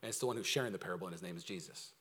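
A man preaching a sermon to his church, talking in an energetic, conversational way with humor, swinging between loud emphasis and quiet intensity. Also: sits low, racing, breathy edge. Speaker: pastor. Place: church service before a congregation.

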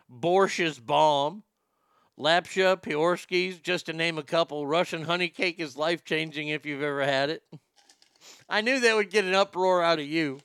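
A man hosting a comedy podcast, delivering an irreverent, rambling monologue with deadpan jokes. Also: a little high, smooth, dry recording, studio quality.

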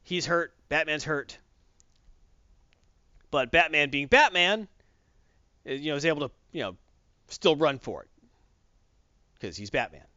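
A man co-hosting a casual podcast chat, telling a comic story in an animated way and acting out the quotes. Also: a little high, a little slow, long pauses, no room sound, muffled recording. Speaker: podcast co-host recapping comics.

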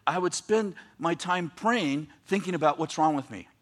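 A man preaching a sermon, swinging from quiet scripture reading to loud, excited shouting, with animated storytelling. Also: a little high, moderate pace. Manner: animated storytelling with voiced asides.

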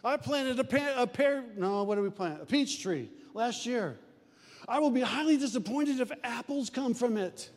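A man's voice: extremely high pitch, lively intonation, normal speed. A man from the US Midwest preaching a sermon in a folksy, conversational way. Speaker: pastor. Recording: long hall reverb.

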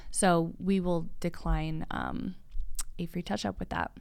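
A woman talking shop in a relaxed, chatty way, laughing easily and acting out what her clients say. Her voice sits a little low and sounds smooth and clear. The recording is close and dry, with no room sound. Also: measured pace, dry recording. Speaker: lash studio owner, podcast co-host. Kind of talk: casual business chat.

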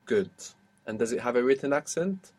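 A man's voice: medium pitch, lively intonation, moderate pace, darkish tone. Patient man teaching a language lesson. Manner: patient, questioning, explains step by step.

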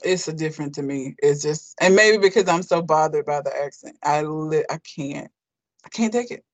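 A person from Alabama chatting casually in a relaxed, measured way. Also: mid-range voice, no room sound. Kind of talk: casual chat.

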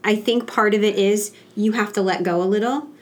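A woman's voice: mid-range voice, fairly even intonation, fairly quick. Reflective rambling mom in her thirties. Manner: reflective, slightly rambling, with many restarts. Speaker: podcast co-host, mother of a kindergartner. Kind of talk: casual chat.

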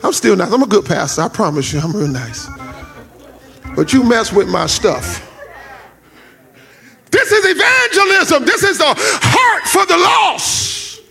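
A male pastor preaching with a very high, gravelly voice that swings between shouted and sung lines. Organ-style music sits faintly behind him in the church. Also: lively intonation, unhurried, pauses often. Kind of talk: sermon.

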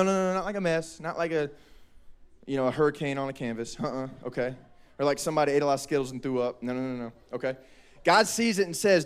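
A young man, preaching a lively, joking youth sermon. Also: on the high side, clear, resonant tone. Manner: animated, joking, quotes people in voices. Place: church hall.

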